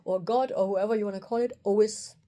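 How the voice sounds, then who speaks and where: Warm-voiced woman. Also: medium pitch, a little fast. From Germany. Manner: candid, animated retelling with quoted inner thoughts. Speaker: osteopath and video host. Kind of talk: personal storytelling to camera.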